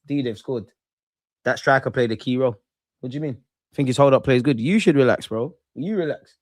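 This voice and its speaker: A man hosting a live football watchalong, reacting excitedly, swearing and talking to his chat and the players. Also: mid-range voice, brisk, dry recording, studio quality.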